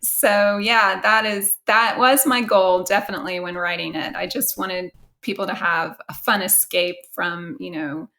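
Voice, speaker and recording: A woman's voice: on the low side, fairly even intonation, unhurried, sharp tone. An American woman author chatting casually in an interview, with frequent fillers and easy laughter. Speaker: author guest.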